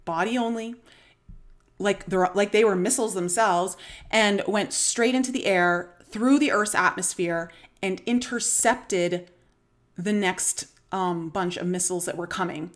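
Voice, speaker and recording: Canadian woman rambling through a dream story. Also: mid-range voice. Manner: rambling storytelling with many fillers and small laughs. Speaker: spiritual vlogger. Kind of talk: live-stream dream retelling.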